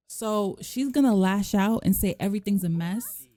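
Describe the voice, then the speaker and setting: A woman hosting a let's play, giving casual, animated commentary and voicing her characters' lines with sass. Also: medium pitch, normal speed, hardly any pauses, dry recording.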